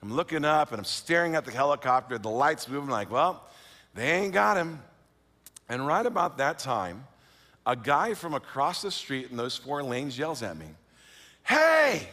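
A middle-aged man from California telling a personal story in a lively, self-mocking way, full of fillers and restarts and acting out the voices he quotes. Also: mid-range voice, normal speed. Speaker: speaker. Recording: long reverb of a large hall.

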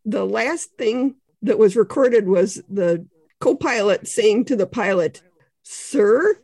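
A woman's voice: mid-range voice, animated, takes it slowly, warm tone, dry recording. A woman author, a podcast guest, explaining ideas in conversation with examples and frequent asides. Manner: explains ideas with examples, frequent "you know" and small laughs.

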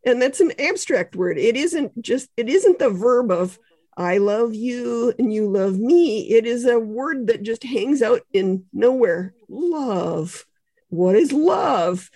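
A woman's voice: on the high side, lively intonation, slow pace, a little mellow, dry recording. A woman author, a podcast guest, explaining ideas in conversation with examples and frequent asides. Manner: explains ideas with examples, frequent "you know" and small laughs.

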